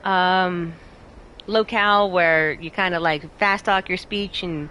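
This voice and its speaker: A young woman streaming a game, chatting casually with her chat and a friend, bubbly and quick to laugh. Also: fairly low pitch, a little hiss or hum. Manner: bubbly, giggly, animated, talks to chat. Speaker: streamer and host. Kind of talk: casual chat while playing a game live.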